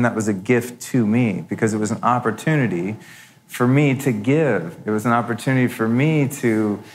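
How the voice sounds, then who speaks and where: A middle-aged man hosting a live show, telling a story candidly and acting out the voices he quotes. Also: medium pitch. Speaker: podcast host. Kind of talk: live talk to an audience.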